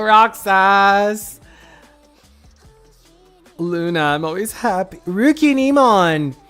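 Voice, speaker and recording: An excitable live streamer, a little sick, greeting chat viewers by name in casual stream talk. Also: mid-range voice.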